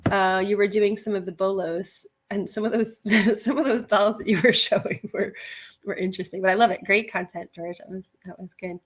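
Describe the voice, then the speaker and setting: A woman's voice: medium pitch, steady tone, moderate pace, husky. A middle-aged woman chatting casually on a livestream, reading viewer comments, laughing often and wandering into asides. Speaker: livestream host, reseller.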